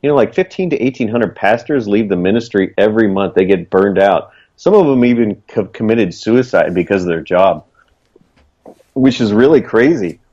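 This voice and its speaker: Low-voiced guy telling his story, earnest and rambly, dull lo-fi audio. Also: animated, moderate pace, a little mellow. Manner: earnest, rambling, many fillers. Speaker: guest, small business owner. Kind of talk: casual storytelling. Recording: dull lo-fi recording.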